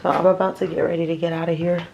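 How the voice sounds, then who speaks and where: A woman's voice: lowish voice, flat delivery, rapid-fire, creaky, dull audio, background noise. A young woman from Florida, chatting casually to viewers in a vlog, rambling and calling them y'all. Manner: chatty, rambling, addresses viewers as y'all, baby-talks to her dog. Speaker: vlogger. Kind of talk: casual vlog chat to camera. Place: home, then inside a parked car.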